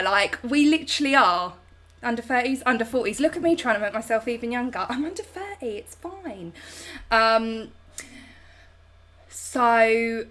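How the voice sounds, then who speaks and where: A woman in her thirties with a South London accent hosts a relaxed live stream. She reads out comments and calls her viewers babe and darling. Her voice sits a little high and chatty. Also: unhurried. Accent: London English. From South London, England. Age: 30s. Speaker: host.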